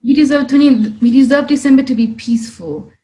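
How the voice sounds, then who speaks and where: Brief: young woman, animated podcast host, slightly high voice. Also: fast talker, rough recording. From South Africa. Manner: animated, exclamatory, laughs often. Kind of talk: casual podcast chat.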